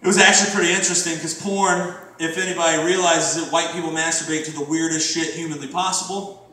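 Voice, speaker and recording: A man's voice: a little high, steady tone, fast talker, sharp tone, slight background noise. A man in his thirties from Florida doing a crude, rambling stand-up set full of profanity. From Florida, USA. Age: 30s. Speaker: stand-up comedian. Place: comedy club stage. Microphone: distant room mic. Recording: very echoey room from far off.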